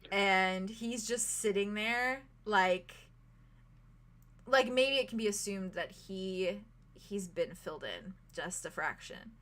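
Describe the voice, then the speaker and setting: Bright, chatty woman game master. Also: mid-range voice, takes it slowly. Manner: animated, chatty narration with many fillers. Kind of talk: narrating a tabletop game.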